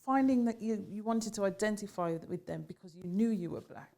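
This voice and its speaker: A woman hosting an interview, asking probing follow-up questions with soft murmurs of agreement. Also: mid-range voice, fairly quick. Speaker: interview host. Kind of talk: conversational interview.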